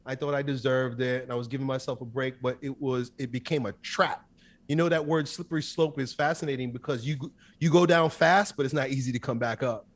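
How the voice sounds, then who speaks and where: A man in his thirties, a guest in an interview, telling a personal story in an intense, emphatic way with quick bursts. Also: mid-range voice, fairly even intonation.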